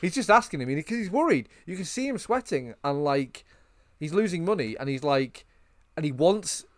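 A man's voice: on the high side, normal speed, no room sound. A man co-hosting a film podcast, animatedly retelling scenes in casual chat. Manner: animated storyteller, recounting scenes. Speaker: podcast co-host.

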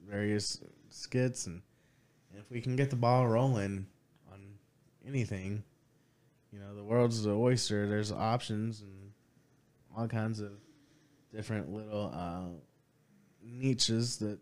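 A man hosting a casual podcast chat, laid-back and halting, swearing offhandedly. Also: on the low side, fairly even intonation, darkish tone. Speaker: podcast host.

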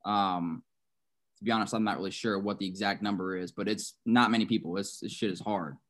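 A man's voice: lowish voice, steady tone, brisk, a bit bright. A young man hosting a podcast who asks questions and talks earnestly and encouragingly. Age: young adult. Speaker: podcast host. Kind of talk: casual interview talk.

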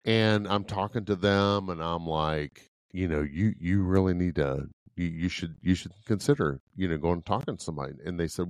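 A man's voice: low voice, normal speed, hardly any pauses, no echo, studio quality. A middle-aged man from Ohio co-hosting a podcast, blunt and profane, laughing often as he talks. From Ohio, USA. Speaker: podcast co-host. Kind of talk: casual podcast chat.

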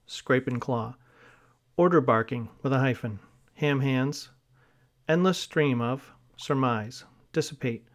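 A man reads a vocabulary list aloud in a slow, unhurried cadence. His voice sits at an ordinary middle pitch, and he works through the words one by one, spelling some letter by letter and pointing out the hyphens. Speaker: vocabulary reader.

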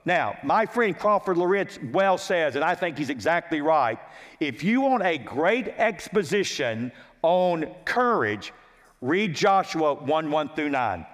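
A man's voice: on the high side, big pitch swings, a little slow. A male pastor preaching an expository sermon, methodically walking through chapter and verse references and repeating key lines for emphasis. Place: church sanctuary. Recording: long church hall reverb.

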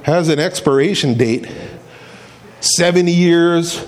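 Preacher guy, fired up storytelling sermon, high voice. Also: takes it slowly. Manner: animated, storytelling, emphatic.

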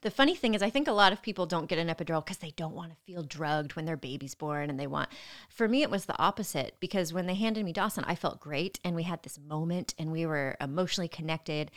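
A woman's voice: deep voice, fast, few pauses. A woman animatedly telling a personal story in casual chat, often breaking into laughter. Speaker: guest telling her birth story.

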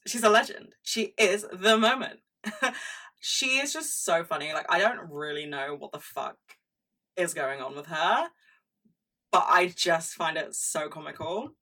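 A woman's voice: lowish voice, lively intonation, measured pace, pushed and bright, far from the mic. A young woman hosting a podcast, speaking in a frank, chatty monologue full of "like" and swearing. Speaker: podcast host. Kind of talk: casual monologue on pop culture.

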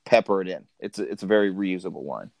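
A man's voice: deep voice, fast talker, gravelly, darkish tone, no room sound. Laughing man hosting a movie chat. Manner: laughs often, acts out quotes. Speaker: podcast co-host. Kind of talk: casual chat about a movie.

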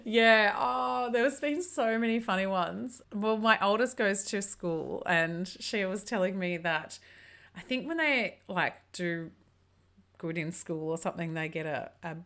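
A woman's voice: medium pitch, measured pace, fairly bright tone. A woman, co-hosting a podcast in a chatty way with frequent laughs and trailing restarts. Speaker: podcast co-host, naturopath or nutritionist. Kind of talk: casual podcast chat.

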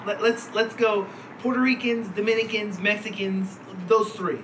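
A man's voice: sits high, steady tone, moderate pace, background noise. A man, co-hosting a podcast in casual chat, rambling, laughing often and swearing. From Philadelphia. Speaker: podcast co-host.

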